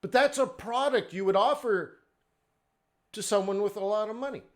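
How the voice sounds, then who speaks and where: A man's voice: sits high, normal speed. Chatty man hosting a trading webinar. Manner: conversational, rhetorical questions, frequent "okay?" and "right?". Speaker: forex trading webinar host. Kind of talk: live trading webinar talk.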